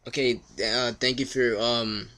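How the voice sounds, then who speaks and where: A man's voice: medium pitch, level tone, a little slow, sharp tone. A man hosting a casual interview, speaking hesitantly with many fillers. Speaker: host.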